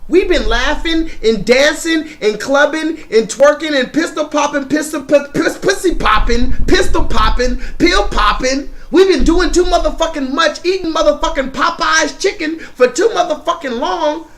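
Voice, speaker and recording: Male streamer, high-pitched, profane mocking rant to his chat. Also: moderate pace, hardly any pauses, fairly bright tone. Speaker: live stream host. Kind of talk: ranting live stream commentary.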